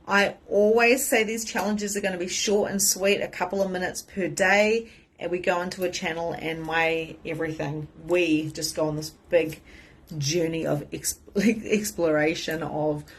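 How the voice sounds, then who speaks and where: A middle-aged woman with a fairly low voice, coaching her viewers in a loose, chatty livestream. She gets animated, laughs often and drops casual swear words. A faint hiss sits under her voice. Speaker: spiritual coach.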